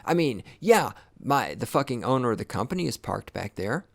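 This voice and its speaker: Man, podcast host, furious profane rant, scornful, very lively pitch. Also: normal speed, gravelly. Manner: angry, swearing, scornful. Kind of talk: profane ranting monologue.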